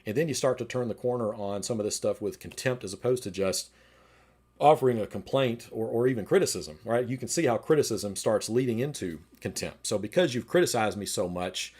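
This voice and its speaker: A man teaching a relationships class at church in a relaxed, conversational way, reading viewer comments and acting out short argument examples. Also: mid-range voice, a little fast, breathy edge. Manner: conversational, acts out quoted arguments. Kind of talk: livestreamed teaching talk.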